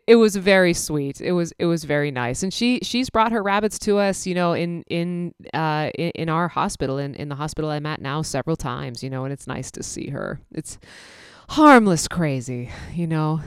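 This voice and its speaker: A woman in her thirties with a low, smooth voice tells stories from her veterinary work. She talks casually, with many fillers and restarts. The close mic sounds dry, with no room behind her. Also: moderate pace, no echo. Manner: chatty, animated when quoting people, many fillers. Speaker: veterinary technician and podcast host. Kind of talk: casual storytelling monologue.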